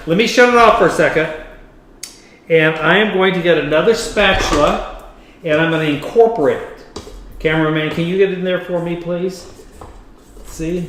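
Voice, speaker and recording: A man's voice: on the high side, creaky, fairly bright tone, echoey room, slight background noise. A man hosting a home cooking video, chatting playfully and teasing his cameraman as he mixes. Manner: playful, camp, talks to the cameraman and to the food.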